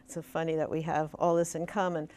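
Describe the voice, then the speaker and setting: A woman's voice: low voice, level tone, fast, darkish tone. A woman from the Bronx, interviewing an author on stage, chatty and laughing often. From the Bronx, New York.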